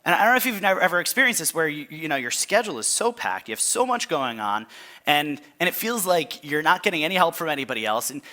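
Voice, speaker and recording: A man preaching a sermon in a relaxed, conversational way, often restarting phrases and asking listeners to underline and circle words in the passage. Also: fairly high pitch. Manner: conversational, halting restarts, asks listeners to mark the text. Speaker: pastor.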